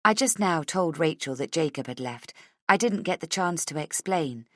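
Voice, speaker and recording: A woman narrator voicing a brash, bubbly young female coworker who talks loudly and pushily. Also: low voice, lively intonation, normal speed, no echo, studio quality. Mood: gushing, pushy. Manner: loud, gushing, pushy.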